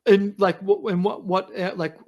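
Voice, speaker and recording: A man, talking as a podcast guest over a video call, animated and emphatic. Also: high voice, normal speed. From United States. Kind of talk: casual chat.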